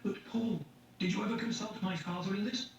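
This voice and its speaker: A man voicing a gentle, grieving mother who speaks softly to calm her son in a read-aloud story. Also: sits high, brisk, gravelly, voice pushed up. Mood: soothing. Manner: soft, soothing delivery. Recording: echoey, distant, dull lo-fi, faint hiss.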